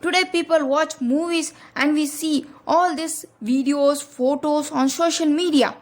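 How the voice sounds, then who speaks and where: High-voiced woman giving earnest religious advice. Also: steady tone, a little slow. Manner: earnest, direct, repeats key points. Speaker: Islamic speaker.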